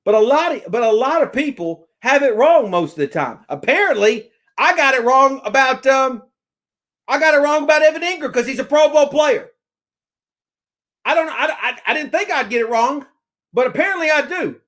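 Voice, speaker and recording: Man, very high-pitched, excitable, rambling, stammering, sports fan rant. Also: normal speed. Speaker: sports vlogger. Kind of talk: casual fan rant to camera.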